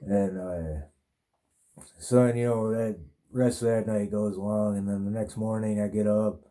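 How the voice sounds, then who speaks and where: A man's voice: on the low side, steady tone, a little slow, warm tone. A man hosting a podcast, telling a long, rambling personal story in a laid-back way, full of swearing and fillers. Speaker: podcast host.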